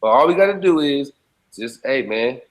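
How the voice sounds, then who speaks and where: A man's voice: medium pitch, animated, normal speed, rough recording. A man speaking bluntly and emphatically in casual conversation, swearing freely and often checking that his listener follows him. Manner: blunt, profane, emphatic street talk; repeats checking phrases to the listener.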